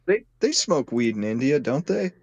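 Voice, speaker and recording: A young man co-hosting a podcast, trading crude jokes with a deadpan, over-the-top delivery. He talks into a phone rather than a studio mic. His pitch sits in the middle for a man. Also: moderate pace, no echo, dull audio. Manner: crude, joking, deadpan exaggeration. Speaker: podcast co-host. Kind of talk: casual chat. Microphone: phone, on mobile without camera.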